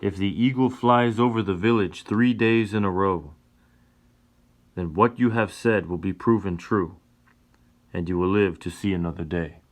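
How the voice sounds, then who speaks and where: Male reader as a proud tribal chief, stern and measured, low voice. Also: natural voice. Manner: commanding, stern.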